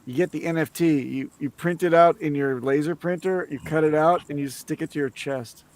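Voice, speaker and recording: A man with a somewhat higher-than-average voice trading sarcastic quips on a relaxed online show. He talks in a bright, joking manner. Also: a little fast, no room sound. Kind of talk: casual livestream chat.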